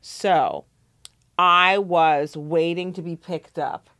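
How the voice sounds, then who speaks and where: A woman's voice: on the low side, slow, bright, forceful tone, clear, resonant tone, no echo, studio quality. Emphatic woman, playful storyteller. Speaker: podcast host. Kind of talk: casual storytelling chat.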